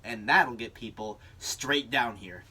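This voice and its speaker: A young man playing a dry, sarcastic male ad man with a deadpan delivery. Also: medium pitch, takes it slowly, slightly rough, exaggerated voice. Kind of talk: speech-team comedy performance.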